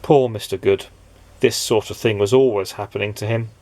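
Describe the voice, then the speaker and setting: A man reading a children's picture book aloud, expressive and playful. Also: lowish voice, normal speed, dry recording. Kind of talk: storybook read-aloud.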